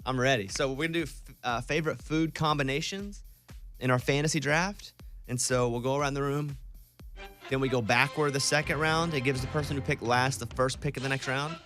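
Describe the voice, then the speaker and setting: A man's voice: medium pitch, steady tone, a little fast, a bit bright, faint music behind. A man from Arkansas with a Southern accent, hosting casual morning radio banter in a studio and leading the group game. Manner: upbeat, leads the game. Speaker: radio show host.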